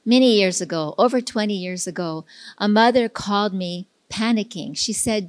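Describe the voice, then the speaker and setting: A woman's voice: mid-range voice, normal speed, dry recording. Lady telling her story at church, earnest, plays out the dialogue, dry close mic. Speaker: pastor's wife sharing a testimony. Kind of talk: sermon testimony storytelling.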